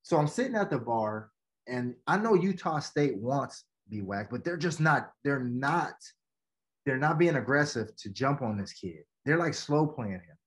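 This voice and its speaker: Unhurried and mid-range in pitch, a man recounts a coaching story with animation as a podcast interview guest. Formerly a football coach and now an educator, he acts out quotes and keeps saying "man" in this casual storytelling.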